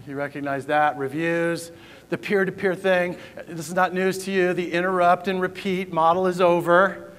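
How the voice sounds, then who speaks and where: Joking conference speaker in a big hall. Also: male voice, fairly high pitch, a bit bright. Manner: joking, punchy, asks the crowd questions. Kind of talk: keynote presentation to a live audience. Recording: distant hall reverb, faint ambience.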